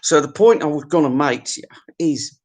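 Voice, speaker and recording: A man's voice: on the high side, moderate pace, a little mellow. Rambling sweary man. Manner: sweary, opinionated, full of restarts and stammers. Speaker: host of a music countdown. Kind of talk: rambling comic monologue.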